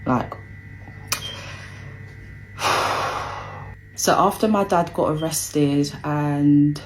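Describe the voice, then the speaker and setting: A young woman tells a personal story in a low, deep voice. She talks slowly and unhurriedly, hesitant with plenty of ums, and acts out what others said. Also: darkish tone, slight background noise, rough recording.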